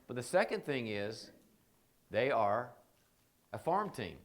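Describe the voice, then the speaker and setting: A man leading a leadership training seminar, telling animated stories and acting out the people he quotes. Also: medium pitch, takes it slowly. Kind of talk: seminar talk.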